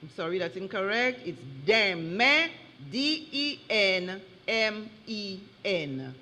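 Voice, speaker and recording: Woman, spelling bee pronouncer, very slow and deliberate, bright tone, long hall reverb. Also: mid-range voice, very animated. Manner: slow and deliberate, drawing out each word. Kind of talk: reading words and correcting spellings.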